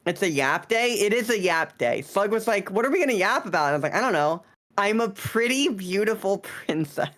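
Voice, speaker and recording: A woman's voice: mid-range voice, animated, fast talker, hardly any pauses, fairly bright tone. A woman streamer chatting casually on a live stream, teasing and bratty in a playful way.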